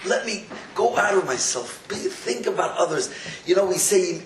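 Animated man with a tinged lilt. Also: high-pitched, normal speed, roomy sound, slight background noise. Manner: animated, laughing, mixes Yiddish and Hebrew words. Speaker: Jewish inspirational speaker. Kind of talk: storytelling sermon.

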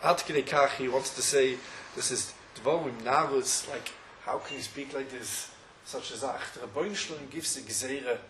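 A man's voice: medium pitch, moderate pace, fairly bright tone, a little hiss or hum. A man teaching a Talmudic study lecture. He chants the quoted sources in a singsong lilt. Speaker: Torah teacher. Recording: roomy echo with faint ambience.

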